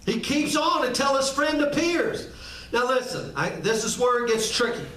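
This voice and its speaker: A man's voice: very high-pitched, animated, moderate pace, bright, forceful tone. A male pastor preaching a sermon, emphatic and often asking the congregation rhetorical questions. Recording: echoey room, mic at a distance.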